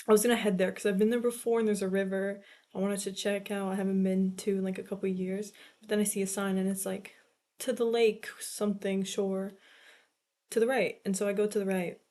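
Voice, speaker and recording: A woman's voice: medium pitch, level tone, a little fast, warm tone. Teen girl vlogging, super casual, says like a ton, kinda swears. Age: late teens. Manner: rambling, heavy "like" filler, casual swearing. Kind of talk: casual chat.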